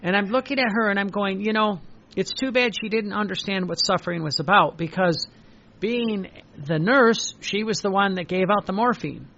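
Older man, priest, high voice, halting sermon with fillers, dull lo-fi recording. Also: pushed and bright. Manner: halting, repeats words, many fillers. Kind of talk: preaching with personal stories.

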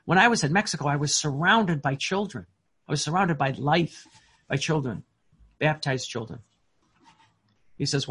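A man preaching a sermon in an earnest, emphatic way, often pausing on fillers and restarting his words. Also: a little high, creaky, fairly bright tone, husky.

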